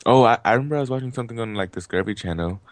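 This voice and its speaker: A man talking as a guest in a casual group chat, animated and slangy. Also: mid-range voice, rapid-fire, no echo. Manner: animated, slangy, keeps saying "bro".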